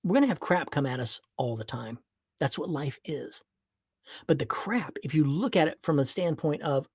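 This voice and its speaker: Husky, upbeat man giving motivational talk. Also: mid-range voice, normal speed, no echo, clean studio sound. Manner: upbeat, animated, breaks into playful whoops and exclamations. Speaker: podcast host. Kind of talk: motivational monologue.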